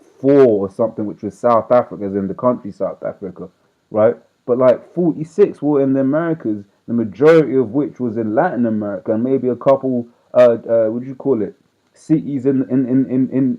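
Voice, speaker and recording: A man reads scripture and then unpacks it in a loose, rambling way, tagging nearly every point with "right?". His voice sits in an ordinary middle pitch. The audio is narrow and tinny, like a phone line. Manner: rambling, conversational, peppers speech with "right?". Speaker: street preacher. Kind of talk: casual scripture teaching.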